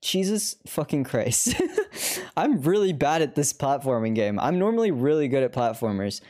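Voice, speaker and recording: A woman's voice: rumbling low, sing-song, moderate pace, dark tone. Woman streamer rambling over gameplay, lots of cussing and laughing, voice swings up and down. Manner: chatty, swears often, laughs a lot. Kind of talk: live gameplay commentary.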